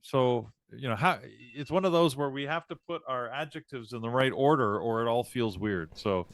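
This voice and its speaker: A man's voice: mid-range voice, moderate pace. A man co-hosting a live trading show, chatting casually and rambling, with many restarts and repeated words. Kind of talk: casual chat.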